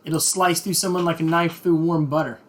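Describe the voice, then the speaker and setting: A man running a tabletop game as game master, brisk and laughing, calling his players sir. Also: a little high, fairly even intonation, a little hiss or hum.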